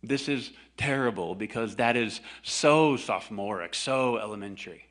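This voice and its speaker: A man's voice: on the low side, normal speed, fairly bright tone, natural voice. A man voicing a snooty intellectual atheist in a mock British accent, sneering and condescending.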